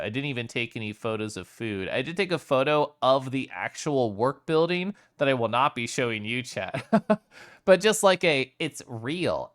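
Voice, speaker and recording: A man's voice: mid-range voice, fairly bright tone, no room sound, studio quality. A young man streaming at home, casually telling his chat a rambling story full of fillers. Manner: chatty, rambling, frequent fillers.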